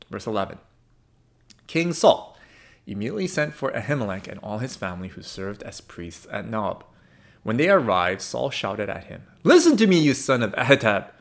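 A man preaching a sermon in an emphatic, expressive way, swinging between loud and soft. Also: lowish voice. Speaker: pastor.

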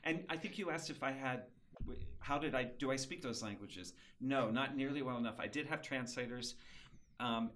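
Librettist guest, man, mid pitch, chatty and self-mocking, conversational. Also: fairly bright tone. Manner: chatty, self-deprecating, laughing often. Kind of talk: casual interview conversation.

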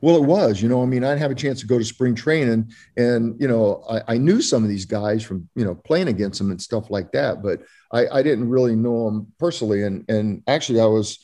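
Older guy from florida telling old ballgame stories, kinda dark warm tone, lots of ums and restarts. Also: mid-range voice, a little fast, few pauses. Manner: rambling, full of fillers and restarts. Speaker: guest, former ballplayer. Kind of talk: storytelling interview.

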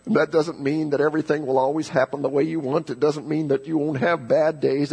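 Male pastor preaching in church; husky, gravelly voice that builds to loud emphasis. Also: on the high side. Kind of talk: sermon. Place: church sanctuary.

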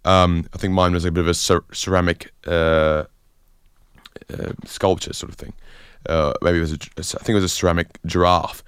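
A young man hosting a podcast, telling a rambling comic story in a deadpan way. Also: low voice, moderate pace, clean tone, no room sound, studio quality. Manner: rambling, deadpan, lots of fillers. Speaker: podcast host.

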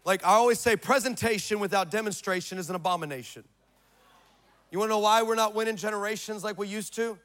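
A middle-aged male pastor preaching a sermon in a church, telling a story dramatically and swinging from shouts to hushed tones. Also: sits high, fast talker.

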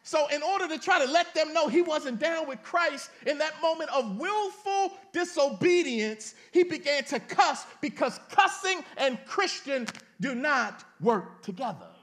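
A man with a strikingly high voice delivers a sermon. He reads scripture aloud, then talks straight to the congregation in loose, everyday words, and now and then his voice climbs into a shout. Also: animated, measured pace, few pauses. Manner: preaching with dramatic rises and shouts, reading scripture aloud; colloquial, addresses the congregation directly. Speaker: pastor.

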